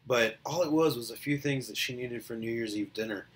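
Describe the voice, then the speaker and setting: A man's voice: medium pitch, fairly quick. Rambling middle-aged man chatting casually. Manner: rambling storyteller with many fillers and restarts. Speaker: vlogger. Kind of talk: casual solo chat.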